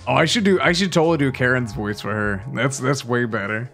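A man's voice: mid-range voice, brisk, hardly any pauses, fairly bright tone, faint music behind. A man reviewing a video game, talking in a casual, rambling way while he plays. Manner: rambling, easygoing. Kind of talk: casual gameplay commentary.

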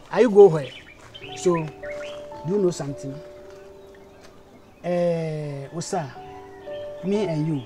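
Man playing a lovesick young suitor in broken English. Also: high-pitched. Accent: Ghanaian English. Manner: broken English, pleading, lively. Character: clumsy lovesick young man wooing a woman. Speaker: actor. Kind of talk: comedy skit acting. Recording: music playing behind.

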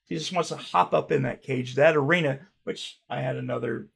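A man's voice: mid-range voice, brisk, creaky, fairly bright tone, slight background noise. A man reacting to viewer comments in a casual vlog, talking sarcastically and crudely, with mocking jokes and frequent laughing restarts. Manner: stammering restarts.

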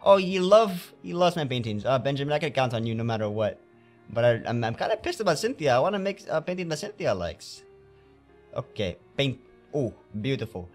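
A gamer playing a painting game talks to himself in theatrical let's play commentary while faint game music plays behind him. His medium-pitched voice swings widely and moves fairly quickly.

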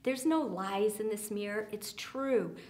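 With a mid-range voice and a measured pace, a woman guides her church small group. She talks earnestly, full of filler words, frequently going soft and quiet for emphasis.

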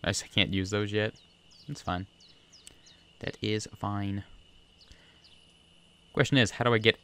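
A man's voice: lowish voice, steady tone, unhurried, sharp tone, clear, resonant tone. A man chatting casually and rambling through gameplay commentary at his home desk, talking to the fish on screen. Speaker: gaming video creator. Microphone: USB desk microphone.

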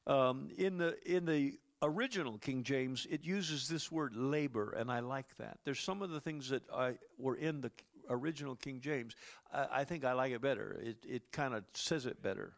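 A man's voice: medium pitch, normal speed, gravelly. A man preaching a sermon as pastor, talking conversationally to the congregation with chuckles and asides.

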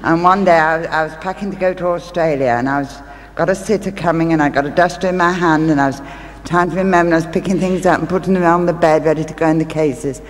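Speaking quickly in a low-pitched, fairly even voice, this woman performs as a stage medium in a big theatre hall. She tells homely stories to the live crowd, peppered with chatty asides, and the reverberant recording picks up faint ambience.

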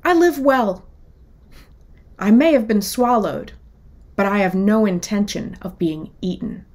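Woman doing a high, bossy storybook duck. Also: unhurried, natural voice. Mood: contented. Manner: high, emphatic and loud. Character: fussy, bossy male duck living inside a wolf.

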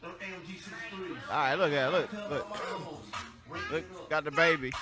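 A man in his forties, a religious teacher giving loud, exclamatory preaching commentary in casual street talk. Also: a little high, measured pace, a crowd in the background. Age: 40s. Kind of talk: animated preaching commentary on videos.

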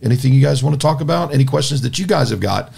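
A man's voice: medium pitch, expressive, very fast, creaky, darkish tone, husky. A man hosting a Christian podcast from a studio, telling a story in an earnest, plainspoken way and often restarting his words. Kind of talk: casual spoken storytelling and talk.

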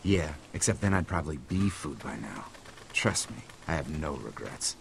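A sighing, gravelly survivor. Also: male voice, very deep voice, very animated, normal speed, slight background noise, heavily acted, low-quality recording. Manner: sighing, wry.

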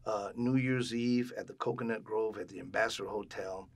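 Husky older man telling a story. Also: mid-range voice, brisk. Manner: animated storyteller acting out quoted voices. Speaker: interviewee, bandleader. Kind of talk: storytelling in a casual interview.

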